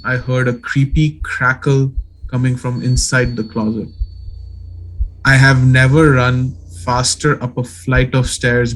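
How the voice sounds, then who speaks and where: A man co-hosting a casual podcast who reads a horror story aloud in a slow, hushed creepy voice. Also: mid-range voice, low-quality recording. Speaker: podcast co-host.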